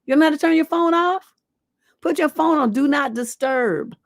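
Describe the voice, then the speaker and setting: A woman's voice: high-pitched, normal speed, vocal fry, no room sound, clean studio sound. A woman hosting a livestream advice show as a relationship coach, giving blunt, profane, scolding advice.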